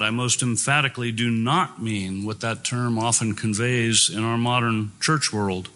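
A man's voice: mid-range voice, bright, forceful tone. A man preaching a sermon, reading scripture aloud and speaking in an earnest, emphatic way.

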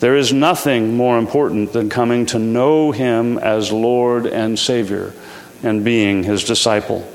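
A man preaching a sermon in a measured, earnest way, slowing down to stress key lines. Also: medium pitch, fairly even intonation. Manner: measured, earnest preaching with slow emphatic endings. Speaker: pastor. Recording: long hall reverb.

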